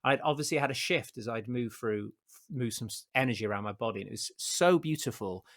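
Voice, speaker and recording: An enthusiastic man hosts a podcast conversation, stressing his points and sprinkling in casual fillers. His voice sits at a middle pitch but has a bright, pushing edge to it. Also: brisk. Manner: enthusiastic and emphatic, with lots of fillers like "you know". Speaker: podcast host.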